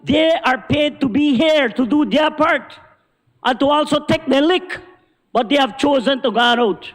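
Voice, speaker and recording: Belizean male minister, very high pitch, fiery indignant floor speech, reverberant chamber. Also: measured pace. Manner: forceful, indignant oratory, repeating "Madam Speaker". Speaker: government minister. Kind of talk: parliamentary speech. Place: parliament chamber.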